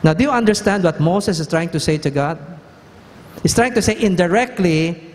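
Filipino pastor preaching, fairly high voice, chatty, keeps asking the crowd questions, lots of hall echo. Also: male voice, brisk, a little hiss or hum. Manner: conversational, quizzes the congregation. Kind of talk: sermon. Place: church sanctuary.

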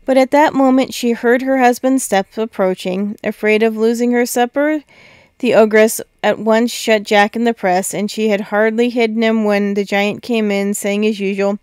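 A woman narrating a fairy tale in a steady, expressive storybook reading. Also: mid-range voice, normal speed, clear, resonant tone, no echo, studio quality. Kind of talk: storybook read-aloud.

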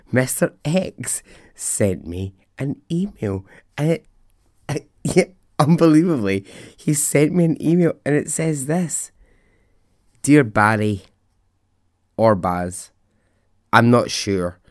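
A man's voice: medium pitch, expressive, takes it slowly, pauses often, no room sound, studio quality. A Scottish man hosting a storytelling podcast, chatting in an enthusiastic, rambling way with lots of asides. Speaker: podcast host. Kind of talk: casual storytelling podcast chat.

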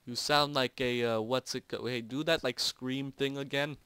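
A young man doing let's play commentary from home, excitable, yelping and swearing as he plays. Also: medium pitch, moderate pace, clean tone. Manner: excitable, loud yelps and swearing. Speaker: gamer and video host. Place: home at night.

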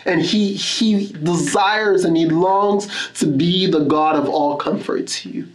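A man's voice: sits high, takes it slowly. Earnest man preaching in an echoey church. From Canada. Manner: earnest personal testimony with Scripture readings. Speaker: pastor. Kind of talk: sermon.

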